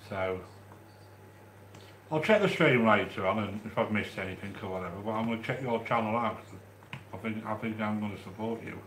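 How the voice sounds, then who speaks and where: A man from the English Midlands with a Midlands accent, hosting a live stream and chatting warmly with viewers as he reads their comments, with frequent restarts. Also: on the low side, a little fast, reverberant, a little hiss or hum. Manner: chatty and affectionate, with many restarts. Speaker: livestream host reading chat. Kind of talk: casual live-stream chat.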